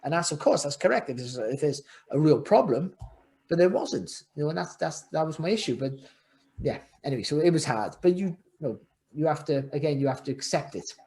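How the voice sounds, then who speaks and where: Middle-aged man, podcast guest, rambling and reflective, voice a touch high. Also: animated, brisk, mellow. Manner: rambling, repeats words and restarts often, reflective. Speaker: guest, former world champion boxer. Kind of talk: candid podcast interview.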